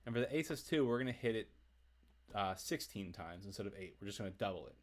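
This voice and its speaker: This livestream guitar teacher speaks on the low side and at a quick pace, explaining a song in a friendly, chatty manner. He keeps engaging with chat and laughing between tips, backed by quiet acoustic guitar playing.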